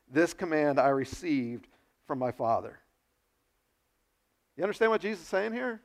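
Guy preaching a sermon, kinda high voice, gets loud and animated, pokes at the crowd. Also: normal speed, pauses often. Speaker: pastor.

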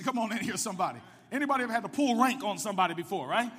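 A man preaches in a high, bright, ringing voice, pulling the congregation into call and response and climbing up to shouts. His microphone carries a long reverb through a big church sanctuary. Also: quick pace, hardly any pauses. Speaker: pastor. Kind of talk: sermon. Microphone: microphone with ring.

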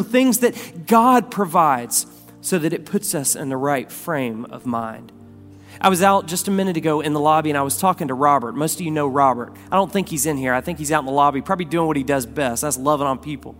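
A man preaching a sermon as pastor, swinging from loud, raised lines down to quiet, soft ones. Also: a little high. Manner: dynamic preacher, rising loud then dropping soft. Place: church sanctuary. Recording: long hall reverb.

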